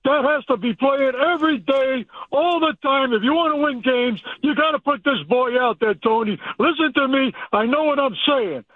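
A man's voice: very high voice, normal speed, hardly any pauses, no echo. A man calling in to a sports radio show, ranting pushily about his team over a phone line. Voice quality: excited, pushy, repetitive. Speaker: radio caller.

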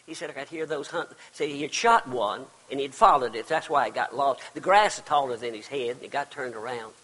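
An older man preaching a sermon as pastor, swinging between loud cries and hushed, quiet passages. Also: mid-range voice, a little fast. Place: church sanctuary. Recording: long reverb of a large hall.

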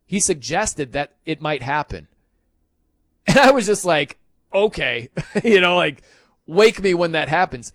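A man's voice: fairly high pitch, no echo. A man hosting a sports talk show, ranting emphatically and incredulously with frequent laughs. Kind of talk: opinionated sports talk rant.

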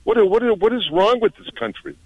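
A man's voice: high-pitched, moderate pace, no echo. A man calling in to a radio show, indignant and stammering, repeating his words. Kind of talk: call-in complaint. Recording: dull phone line.

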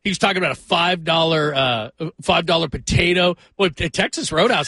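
A man's voice: a little high, brisk. A man hosting a sports talk radio show, reacting enthusiastically to a caller. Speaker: radio host. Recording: studio with music behind. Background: music.

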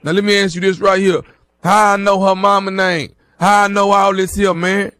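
A man's voice: high-pitched, level tone, normal speed, bright, forceful tone, no echo, clean studio sound. A man playing a stubborn jailed man on a prank phone call, pushy and defiant, who keeps saying "hold up". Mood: insistent. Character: jailed man calling to claim his girl back, stubborn. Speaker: prank caller.

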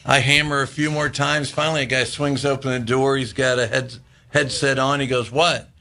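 A man in his sixties, a former baseball player, telling animated anecdotes in a casual interview and laughing often. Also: medium pitch, a little fast.

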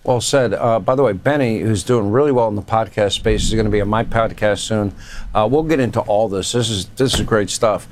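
A man's voice: fairly low pitch, a little fast, a little hiss or hum. A man hosting a cable news talk show, introducing clips and chatting with his guest. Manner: chatty, amused, conversational.

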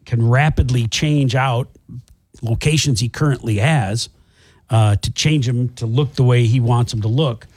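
Husky man chatting on radio. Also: mid-range voice, a little slow, darkish tone, no echo. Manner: rambling, with restarts and fillers. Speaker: radio show co-host. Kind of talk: casual radio chat.

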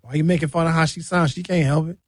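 A man's voice: fairly high pitch, fairly even intonation, fast, dry recording. A middle-aged man hosting a radio show, telling loose, bawdy comic stories. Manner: loose, bawdy, storytelling with acted-out voices. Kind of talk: comedic monologue.

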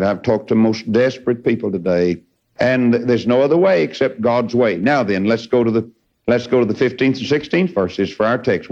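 A man's voice: medium pitch, darkish tone. A man preaching a sermon in a fervent, folksy way, with sudden rises in his voice. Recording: dull lo-fi recording.

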